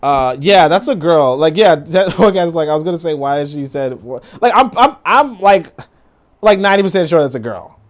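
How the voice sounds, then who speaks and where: Guy reacting to clips on a stream, kinda high voice, swears a lot, rambly and laughing. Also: lively intonation, normal speed. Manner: rambling, profane, laughing asides. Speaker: livestream host. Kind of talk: casual reaction commentary.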